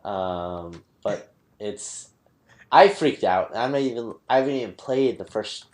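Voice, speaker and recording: A tipsy man hosting a casual podcast, talking haltingly with many pauses and fillers. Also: lowish voice, expressive. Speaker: podcast host.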